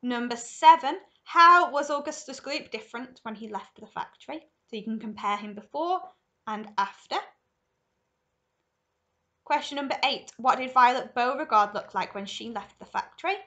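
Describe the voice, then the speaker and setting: A woman primary school teacher reading a story aloud to children in a lively, expressive way. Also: fairly high pitch, normal speed.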